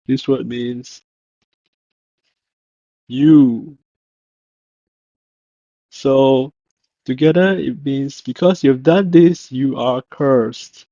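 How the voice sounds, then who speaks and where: A man teaching a recorded language lesson, slow and deliberate, carefully repeating each word he pronounces. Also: mid-range voice, warm tone, no room sound. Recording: dull, dry lo-fi audio.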